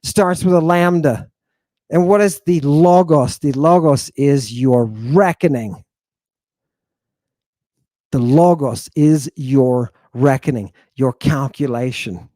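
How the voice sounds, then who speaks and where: A man teaching Ancient Greek words, dramatic and teasing, who swings from loud exclamations to low murmurs and draws out his pronunciations. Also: no room sound, studio quality. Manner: teasing, confrontational with the listeners; drawn-out emphatic pronunciation.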